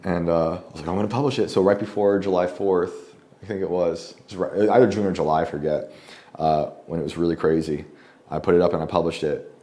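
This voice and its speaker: Low-voiced man rambling through a story. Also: steady tone, fast, dark tone. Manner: rambling, full of "like" fillers, frequent throat clearing. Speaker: guest journalist. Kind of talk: casual conversational storytelling. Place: home, at a lunch table.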